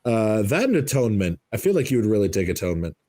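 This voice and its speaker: A man's voice: fairly low pitch, big pitch swings, fast talker, warm tone, no room sound. A man hosting a podcast in casual chat, enthusiastic and swearing freely. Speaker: podcast host.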